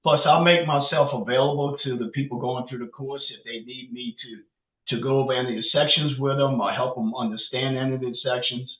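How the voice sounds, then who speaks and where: A man's voice: mid-range voice, steady tone, a little fast. A man with a New Orleans accent answering questions in a live webinar in a matter-of-fact way. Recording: distant tinny call audio in echoey room.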